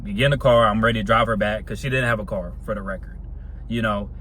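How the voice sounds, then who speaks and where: A man's voice: fairly low pitch, fairly even intonation, fast talker, a bit bright, slight background noise. A young man telling a casual storytime monologue in a slangy, laid-back way, laughing often.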